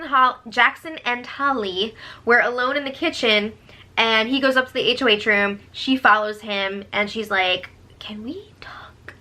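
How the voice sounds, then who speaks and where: A woman's voice: on the high side, bright, forceful tone. A woman giving a gossipy, sarcastic casual recap of a reality show, breaking into disbelieving exclamations. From United States.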